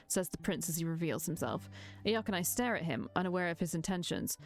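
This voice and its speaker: A woman reads a visual novel aloud in the first person, with an expressive storytelling delivery. Her voice sits on the low side, and soft music plays underneath. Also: fairly quick. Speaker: streamer reading a visual novel.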